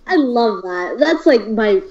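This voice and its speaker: An excitable teenage girl chatting on a livestream, with a somewhat high voice. She chimes in and laughs often, and her mic sounds dull and lo-fi. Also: slow pace, a crowd in the background. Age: teens. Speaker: livestream co-host. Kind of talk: casual livestream chat.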